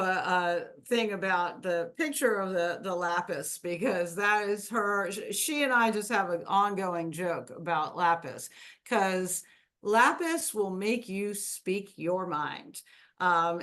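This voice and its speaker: A woman with a mid-range, slightly bright voice hosts a wellness workshop, teaching a group in a chatty, meandering manner full of fillers and laughs.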